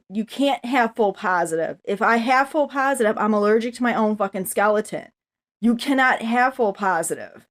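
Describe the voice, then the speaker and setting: A woman's voice: on the high side, lively intonation, normal speed. A woman ranting angrily to the camera, rambling and swearing constantly as she vents. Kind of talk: angry profane rant to camera.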